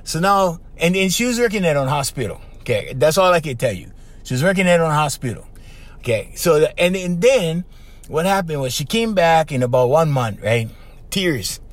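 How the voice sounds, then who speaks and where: A man's voice: a little high, lively intonation, normal speed. A middle-aged man, hosting a podcast and telling a client's story in a chatty way, checking in with "okay?" and "right?". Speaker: podcast host and life coach.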